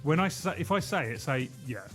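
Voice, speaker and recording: A man's voice: on the high side, animated, a little fast, fairly bright tone, faint music behind. A British man co-hosting a radio show, chatting casually and stumbling over words now and then. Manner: hesitant, chatty, self-correcting. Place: radio studio.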